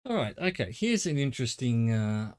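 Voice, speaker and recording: A man's voice: mid-range voice, very animated, moderate pace. Middle-aged Australian man streaming a game. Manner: rambling, thinking aloud, swears casually. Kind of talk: live gameplay commentary.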